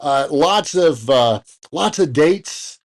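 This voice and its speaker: A man's voice: fairly high pitch, expressive, takes it slowly. A man co-hosting a casual podcast, rambling through news with fillers, restarts and jokey asides. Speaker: podcast co-host. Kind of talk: casual chat.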